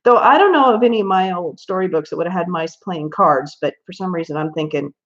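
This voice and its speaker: A woman's voice: fairly low pitch, animated, quick pace. Chatty woman, muffled audio. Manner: chatty and rambling, laughs often. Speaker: livestream host. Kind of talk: casual livestream chat while coloring. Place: at home.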